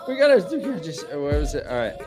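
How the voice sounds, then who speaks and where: High, lively joking man. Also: racing, over music. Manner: joking, playful, clowning around. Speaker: podcast co-host. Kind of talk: casual fan discussion. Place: home. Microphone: video call.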